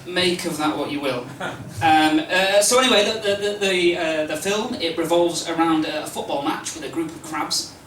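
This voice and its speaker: A stand-up comedian rambles through his set in a fairly high voice, tripping over restarts and dropping deadpan asides. He is caught from a distance in an echoey club, with noise hanging behind him. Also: normal speed, few pauses. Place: comedy club stage with a live audience. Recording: roomy live club recording from a distance, noisy.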